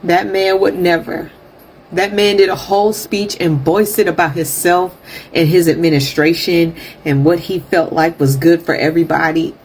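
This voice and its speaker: A woman's voice: lowish voice, fairly even intonation, normal speed, darkish tone, slight background noise. A woman giving an earnest, wistful reaction monologue. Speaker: commentator.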